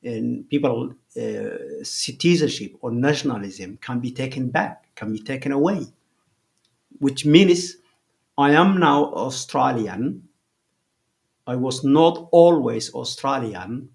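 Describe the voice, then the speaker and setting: A man giving an explanatory commentary, talking deliberately, often pausing and rephrasing himself. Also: mid-range voice, lively intonation, creaky, a little mellow. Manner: deliberate, rephrases and pauses with fillers.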